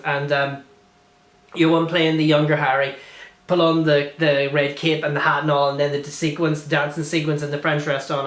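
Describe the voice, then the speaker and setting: Man in a film review vlog: gushing, rambling, a bit high-pitched, roomy echoey recording. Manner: gushing, rambling with many restarts and fillers.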